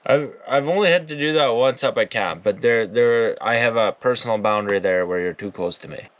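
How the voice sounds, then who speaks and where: Bush guy, mid-pitched, easygoing rambling reaction voice, salty language. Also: brisk, fairly bright tone, no room sound, muffled recording. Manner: laid-back, rambling, swears often. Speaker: outdoors YouTuber. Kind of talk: casual reaction commentary.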